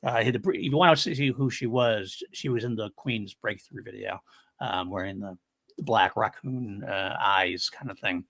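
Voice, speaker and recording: Bright-voiced excitable American man. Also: fairly low pitch, normal speed, gravelly, dry recording. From United States. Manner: excitable, laughs often, stumbling restarts. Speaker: podcast host. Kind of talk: casual chat.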